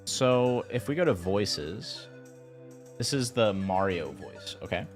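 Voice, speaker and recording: A man's voice: on the low side, very animated, slow, soft background music. Rambling young man streaming. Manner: rambling, stumbling, laughing often. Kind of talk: casual live-stream chat.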